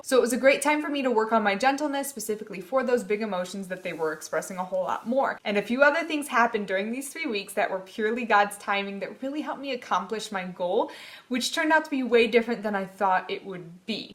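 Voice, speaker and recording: Earnest young mother, slightly high voice. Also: a bit bright. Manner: earnest, reflective, acts out her own past reactions. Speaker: mother vlogging about parenting. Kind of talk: casual personal talk to camera.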